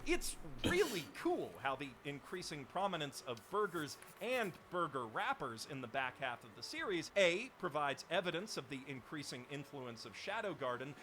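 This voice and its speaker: A man reading a scripted video essay in an animated, ironic way. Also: a little high, normal speed, few pauses, slight background noise. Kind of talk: scripted narration.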